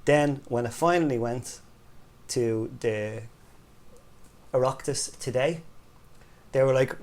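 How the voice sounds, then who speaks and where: A man's voice: medium pitch, slow, long pauses, darkish tone. A middle-aged Irish man co-hosting a podcast, telling stories in casual chat and often tagging on "right?". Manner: chatty storyteller, peppers talk with "right?" and "you know". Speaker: podcast co-host.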